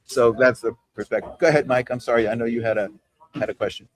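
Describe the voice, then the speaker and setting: A man's voice: mid-range voice, steady tone, fast talker, no echo. A man coaching a team over a video call. He talks in a casual, conversational way and keeps checking in with "right?" and "you know.". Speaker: trainer leading a team call.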